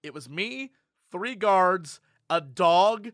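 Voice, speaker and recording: A man's voice: high voice, takes it slowly, dry recording, studio quality. A young adult man co-hosting a podcast in casual chat, telling stories and acting out the voices of the people in them. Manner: animated storyteller, acts out voices. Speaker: podcast co-host.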